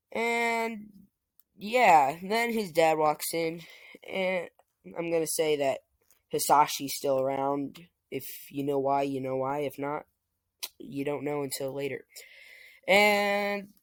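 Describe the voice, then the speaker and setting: A man's voice: fairly high pitch, a little slow, no room sound. A man casually narrating a fan-made story as a channel host, in a loose, stop-start way. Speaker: YouTube storyteller.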